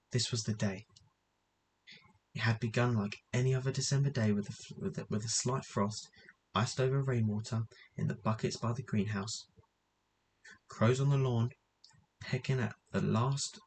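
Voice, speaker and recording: A man with a low voice reads a novel aloud at a steady pace. He now and then trips over a word and goes back over it, with a faint hiss under the recording. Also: low-quality recording. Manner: steady reading with occasional slips and restarts. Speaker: audiobook reader. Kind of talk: novel reading.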